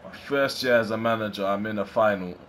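A man giving live, excitable commentary over his own video game match, swearing and reacting as he plays. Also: on the low side, a little fast. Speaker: gaming YouTuber.

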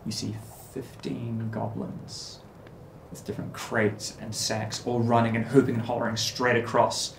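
A man running a tabletop game as game master, narrating scenes in a relaxed way with fillers. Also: mid-range voice, a little slow, vocal fry, slight background noise. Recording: echoey room.

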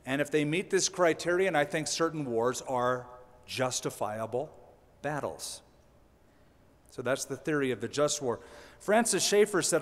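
A man's voice: a little high, animated, unhurried, long reverb tail. A male pastor preaching a sermon in a conversational way, with dry humorous asides.

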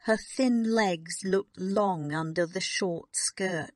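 Woman narrator, slow careful reading, lowish voice, dry close sound, story for learners. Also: no echo. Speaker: audiobook narrator.

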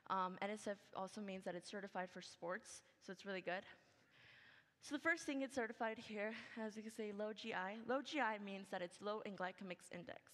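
A woman's voice: mid-range voice, brisk, fairly bright tone. A young adult woman giving a senior project presentation, chatty and upbeat, full of "like" and "okay". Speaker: student presenter. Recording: long hall reverb.

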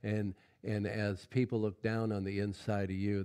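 A middle-aged man preaching a sermon as pastor, folksy and conversational, swinging from loud exclamations to quiet asides and often calling out "Amen?". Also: on the low side, steady tone, normal speed, vocal fry, hardly any pauses. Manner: folksy preaching with frequent "Amen?" call-outs.

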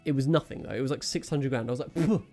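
A man giving jokey, excitable live commentary over a video game he is playing and talking straight to his viewers. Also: medium pitch, racing, soft background music. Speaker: gaming channel host.

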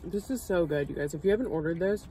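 A woman's voice: on the low side, fast, mellow, rough recording. A woman talking casually about her food, humming with pleasure between bites and dropping 'like' often. She sits in a parked car with a faint hum of traffic outside. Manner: easygoing, hums and says 'like' a lot. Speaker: co-host of a food channel. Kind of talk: casual mukbang chat while eating.

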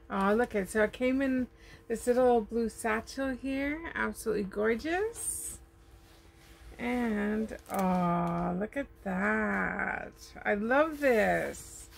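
A woman's voice: on the high side, creaky, slight background noise. A woman chatting casually as she unboxes gifts in her RV, gushing over each item. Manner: gushing, slow, lingering on her words. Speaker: vlogger. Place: home in an RV.

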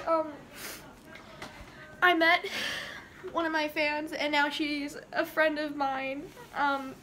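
High, bright, tearful gushing woman. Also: slight background noise. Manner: gushing, laughing through tears. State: crying. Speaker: YouTuber. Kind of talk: tearful vlog to camera.

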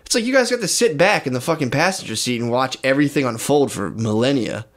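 A man's voice: medium pitch, lively intonation, fast. A man co-hosting a comedy podcast, chatting casually with lots of swearing, rambling asides and laughter. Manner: profane, rambling, laughs often. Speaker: podcast co-host.

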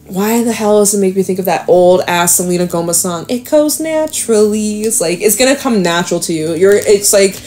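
A woman giving a casual tarot reading to camera, excited, emphatic and reassuring, with slangy asides. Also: lowish voice, a little fast, hardly any pauses, faint music behind. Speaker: tarot reader.

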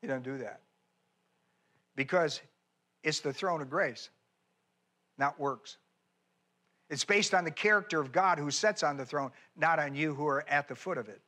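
A man's voice: on the high side, normal speed, pauses often, sharp tone. A man preaching a sermon as pastor, folksy and emphatic, with chatty asides and repeated phrases. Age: older.

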